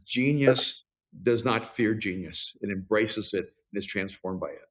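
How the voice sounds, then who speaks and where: A man's voice: fairly low pitch, a little slow, a bit bright. An older man hosting a podcast, talking in a reflective, musing way in casual conversation. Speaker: podcast host.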